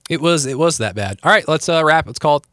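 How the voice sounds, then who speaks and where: Sports podcast guy, bright voice, jokey and rambly, dry close mic. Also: on the high side, expressive, quick pace, no room sound. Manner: jokey, rambling, self-correcting. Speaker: podcast host. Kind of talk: casual sports podcast chat.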